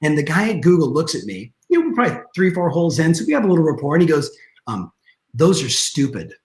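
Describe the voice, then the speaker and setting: Energetic man telling a story fast. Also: a little high, reverberant. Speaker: guest real estate coach. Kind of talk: animated storytelling on a video call.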